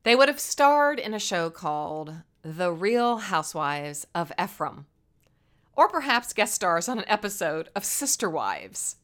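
A woman's voice: lowish voice, big pitch swings, a little slow, a bit bright. A woman telling a Bible story as a lesson in a playful, dramatic way. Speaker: Bible teacher.

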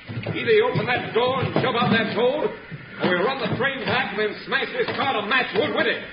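A scheming masked outlaw boss in a 1950s radio western, taunting his foes and barking orders. The voice sits high, with a roomy echo and a dull old broadcast sound. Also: moderate pace, heavy background noise. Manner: taunting, commanding. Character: scheming masked villain boss, adult man. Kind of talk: 1950s radio drama acting.

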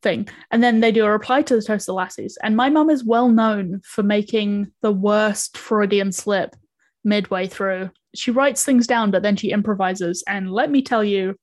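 A woman's voice: medium pitch, normal speed, dry recording. A young woman co-hosting a podcast, chatting casually with lots of fillers and frequent laughs. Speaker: podcast co-creator. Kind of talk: casual chat.

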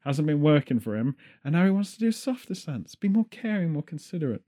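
A man's voice: a little high, big pitch swings, a little fast, mellow. British man chatting, jokey and rambling. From United Kingdom. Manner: rambling, jokey, slips into silly put-on voices. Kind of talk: casual chat.

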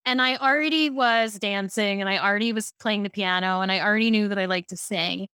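A woman from Baltimore, a speaking coach, telling lively stories as a podcast guest. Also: mid-range voice, brisk, clear, resonant tone, no room sound, clean studio sound. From Baltimore, USA. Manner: lively storyteller, animated asides. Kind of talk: casual podcast interview.

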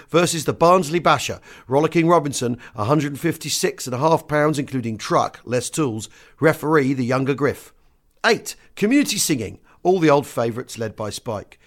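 Man reading a wartime memoir aloud. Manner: lively reading that jumps in pitch and loudness for quoted lines. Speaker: podcast host reading a book extract.

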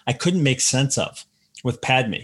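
A man's voice: mid-range voice, lively intonation, unhurried, a bit bright, breathy edge. A man, an author, telling anecdotes in casual conversation and acting out the voices of the people he quotes. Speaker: author guest.

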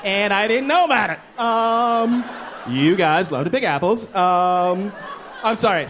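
Male stand-up comic, high and bouncy voice, laughing delivery, live club with faint noise. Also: measured pace, long pauses. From Brooklyn. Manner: animated, laughing, shrieks high for quoted voices. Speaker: stand-up comedian. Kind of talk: stand-up routine. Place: comedy club stage.

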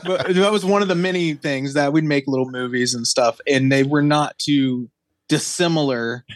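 A man chatting on a podcast, often agreeing with quick yeahs and telling short stories. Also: fairly high pitch, no room sound. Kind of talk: casual podcast chat.

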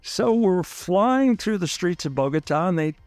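Male interviewee, a lawyer recounting events, animated and dramatic, raised pitch, dead-dry recording. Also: unhurried, no room sound, faint music behind. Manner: animated, acts out other people's lines. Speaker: lawyer recounting his own case. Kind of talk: interview storytelling.

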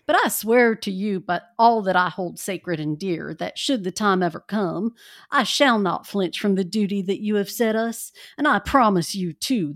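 A woman voicing a rough, earnest cowboy who solemnly swears an oath, a little off-mic. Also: mid-range voice, dry recording, clean studio sound, natural voice.

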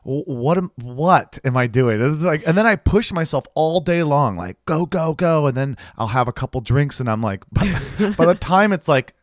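A man's voice: mid-range voice, moderate pace, hardly any pauses, dry recording, studio quality. A man in casual chat who talks expressively and acts out little quotes. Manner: expressive, acts out quotes, many short agreements.

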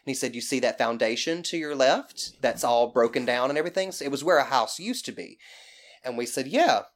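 A woman's voice: very deep voice, lively intonation, a little fast. A woman from Mississippi with a thick Southern accent, telling a story casually as a podcast guest, rambling and swearing freely.

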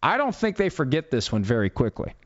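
Speaking fairly quickly with huge swings in pitch, a medium-voiced man offers blunt, sarcastic, emphatic takes on legal matters. It's opinion-driven commentary. The recording sounds dull and lo-fi, completely dry with no echo.

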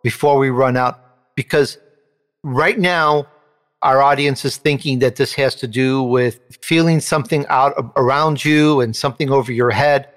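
In a large hall, a male show host shares a personal anecdote in an interview at normal speed. He's lively, and his voice leaps higher each time he quotes another person.

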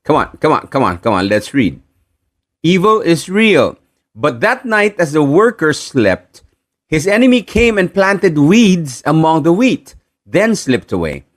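A man with a Filipino accent preaching a sermon, animated and repeating key phrases for emphasis. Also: a little high, a little slow.

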